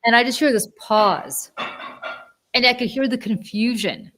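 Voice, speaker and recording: A woman in her forties co-hosting a podcast, telling a story in a lively, casual way with many fillers and self-corrections. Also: on the high side, measured pace. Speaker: podcast co-host.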